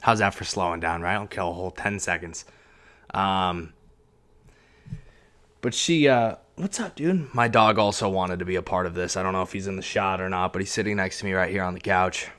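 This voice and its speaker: A man's voice: deep voice, normal speed, a bit bright. Rambling man hosting a podcast. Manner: rambling, self-deprecating, lots of fillers and restarts. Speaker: podcast host. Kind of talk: solo casual podcast chat. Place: echoey home room, on a couch. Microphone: podcast mic with pop filter.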